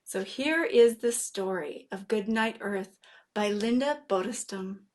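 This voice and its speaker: A woman librarian reading a picture book aloud at children's story time, playful and animated, gasping and asking the children questions. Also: mid-range voice, measured pace. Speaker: guest librarian.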